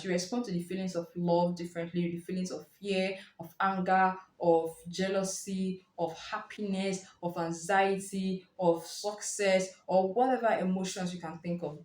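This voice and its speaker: A woman giving a casual spoken book review, explaining in a lively way and acting out short reactions. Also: on the low side. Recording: roomy echo.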